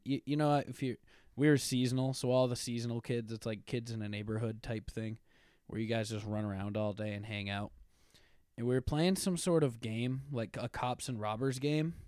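A man's voice: medium pitch, darkish tone, clear, resonant tone, no room sound, studio quality. A young man in his twenties co-hosting a podcast, telling rambling stories full of filler likes. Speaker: podcast co-host. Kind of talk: casual chat.

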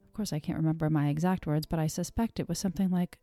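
A woman's voice: deep voice, fairly even intonation, fast talker, warm tone, no echo, soft background music. A woman hosting a podcast, telling her own story in scripted narration with a wry, self-deprecating manner.

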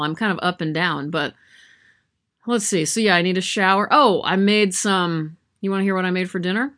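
A woman's voice: on the low side, normal speed, fairly bright tone. A woman chatting casually to camera from her yarn room at home, rambling and self-deprecating with lots of fillers. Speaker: vlogger.

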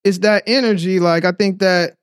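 A young man from the Bay Area with a Bay Area accent, talking in a slangy, rambling, animated way as a podcast guest. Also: sits high, normal speed, clear, resonant tone, no echo, studio quality. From San Francisco Bay Area. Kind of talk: casual chat.

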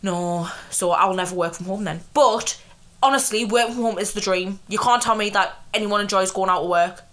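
A woman co-hosting a casual podcast, telling stories with plenty of swearing and laughter. Her voice sits at an ordinary middle pitch. She talks loosely, with lots of fillers. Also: normal speed, fairly bright tone. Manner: chatty, swears a lot, laughs often. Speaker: podcast co-host. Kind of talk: casual chat.

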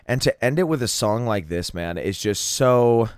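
A man's voice: mid-range voice, animated, moderate pace, smooth, no room sound, clean studio sound. A man hosting a solo podcast, talking casually and enthusiastically about songs he loves, rambling and swearing freely. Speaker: podcast host. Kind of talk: casual solo music review.

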